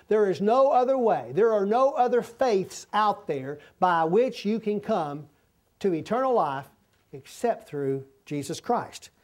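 A man teaching the Bible informally, folksy and given to halting restarts and repetition. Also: high voice, darkish tone. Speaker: preacher.

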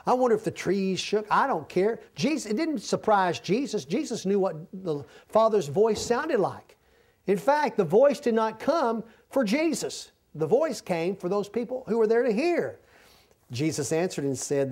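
Pastor, male, higher-pitched, folksy humorous sermon with big swings in loudness. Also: very animated, moderate pace. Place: church sanctuary.

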